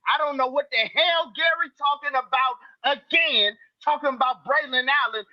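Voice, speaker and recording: A man ranting loudly and comically, laughing and swearing as he talks. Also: extremely high pitch, normal speed, no echo. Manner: loud, exaggerated, laughing, swearing. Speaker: call-in guest. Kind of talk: loud comic rant. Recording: dull lo-fi call audio.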